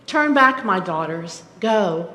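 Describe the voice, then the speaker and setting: A woman preacher reading as a bitter older widow, pleading her daughters-in-law to turn back. The words come slow and heavy, lifting and sinking as she speaks. A long reverb from the sanctuary trails behind each phrase. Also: mid-range voice, expressive, pushed and bright. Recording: echoey church sanctuary.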